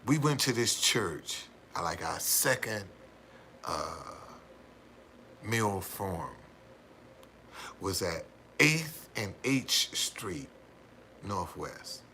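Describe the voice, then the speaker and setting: A man's voice: low voice, big pitch swings, extremely slow, long pauses, bright, forceful tone, slight background noise. A man hosting a livestream, telling a rambling story to his viewers, repeating words and laughing often. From United States. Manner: gives frequent hearty laughs. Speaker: livestream host.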